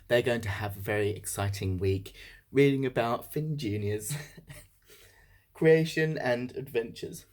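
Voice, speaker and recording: A man's voice: medium pitch, a little slow, darkish tone. A young man vlogging in a casual, candid way, joking about himself. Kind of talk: casual monthly vlog.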